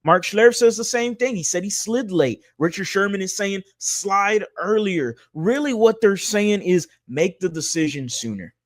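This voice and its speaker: A man from Houston hosting a sports reaction podcast, energetic, swearing freely and dropping from loud hype into low asides. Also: normal speed, few pauses, no room sound. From Houston, Texas. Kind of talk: casual sports reaction talk.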